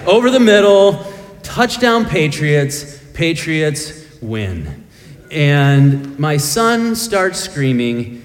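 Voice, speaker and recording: A man's voice: a little high, big pitch swings, drawn-out words, in a large hall. A middle-aged man preaching a sermon as pastor, telling self-deprecating stories with humor.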